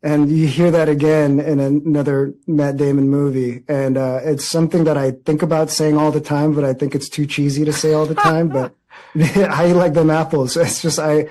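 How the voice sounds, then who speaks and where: A man speaking in a fairly high voice for his sex, thoughtful and earnest. He restarts his sentences often as he works out what he means, the way someone does in a press interview. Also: little pitch movement, normal speed, dark tone, rough recording. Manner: earnest, reflective, many restarts. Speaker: interviewee, actor.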